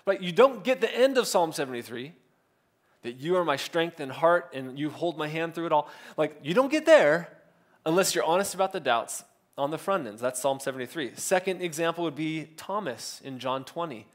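A man's voice: a little high, animated, moderate pace. A male pastor, giving a casual, conversational sermon and briefly acting out quotes. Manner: conversational, self-correcting, acts out biblical quotes.

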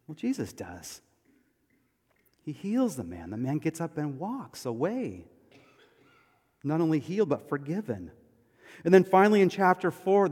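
A male pastor delivering a sermon, emphatic, moving between loud declarations and hushed, quiet passages. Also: mid-range voice. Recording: long hall reverb.

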